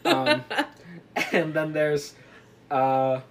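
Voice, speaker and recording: A woman's voice: deep voice, extremely slow. A woman casually retelling a book plot to friends, rambling and giggling as she acts out the characters. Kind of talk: casual group chat. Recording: lively group laughing behind.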